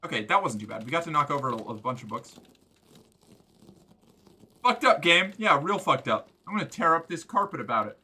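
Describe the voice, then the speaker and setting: A man streaming a game, giving excitable, joking commentary with crude humor. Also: fairly high pitch, a little fast, pauses often, husky. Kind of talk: gameplay commentary.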